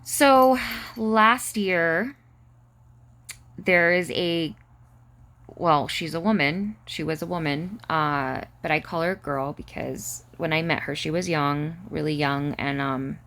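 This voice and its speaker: Woman vlogging, lowish voice, kinda choked up, lots of ums and restarts. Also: a bit bright. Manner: halting, emotional, many fillers and restarts. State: near tears. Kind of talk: casual to-camera vlog.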